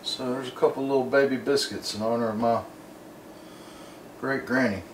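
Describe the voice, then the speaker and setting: A man's voice: medium pitch, steady tone, moderate pace, slight background noise. A man, hosting a casual home cooking demonstration in an easygoing, folksy, rambling way. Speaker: cooking show host. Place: home kitchen. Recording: roomy kitchen, mic at a distance.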